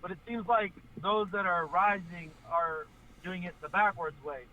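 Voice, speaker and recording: A man from Florida calling in to a sports talk show, eager and earnest, thinking out loud with plenty of fillers. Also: sits high, fairly even intonation, moderate pace, poor audio. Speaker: caller.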